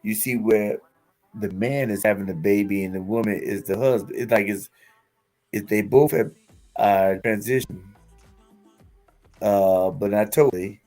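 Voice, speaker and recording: A man hosting a casual talk, telling stories with lively acted-out quotes and laughing at his own jokes. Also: fairly low pitch, a little slow, long pauses, faint music behind. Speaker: podcast host. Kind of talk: casual conversational commentary.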